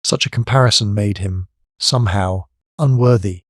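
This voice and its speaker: A man with a low voice narrates a classic novel for an audiobook in a measured, steady manner. The sound is dry and close, with no room around it. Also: no echo. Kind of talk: scripted narration.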